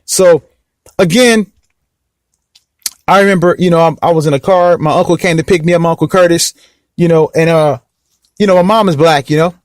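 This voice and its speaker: A man's voice: a little high, moderate pace, long pauses, no echo. A young man casually telling a personal story to the camera, rambling and repeating himself and often asking whether you know what he means. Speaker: vlog host.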